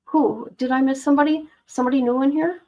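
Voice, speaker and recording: A woman's voice: sits high, fairly even intonation, quick pace, mellow, low-quality recording. A woman hosting a casual livestream, dramatic and exclamatory, talking to herself and her chat. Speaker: livestream host. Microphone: no headphones, device mic.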